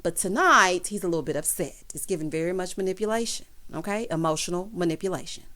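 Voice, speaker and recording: A woman's voice: lowish voice, fast, sharp tone. A young adult woman giving a casual, sassy recap of a reality show, calling her viewers honey and baby and acting out what the cast said. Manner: acts out quoted lines in changed voices.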